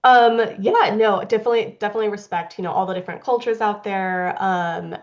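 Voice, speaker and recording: A woman's voice: medium pitch, a little fast, highs cut off. A woman presenting on a video call, answering questions with many fillers and restarts. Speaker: guest presenter.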